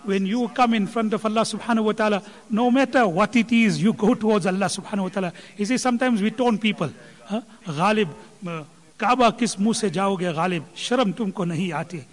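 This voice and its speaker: A man giving an impassioned sermon, his voice climbing higher and louder as he retells a teacher's words. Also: fast talker. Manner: impassioned, rising in pitch and volume when quoting. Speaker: religious speaker explaining a scholar's teaching. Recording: hall reverb.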